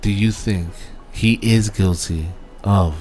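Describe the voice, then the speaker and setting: A man's voice: lowish voice, takes it slowly, a little mellow. A man with a New York accent, co-hosting a casual podcast, needling his partner with questions and slipping in Spanish phrases. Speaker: podcast co-host. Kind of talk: casual debate.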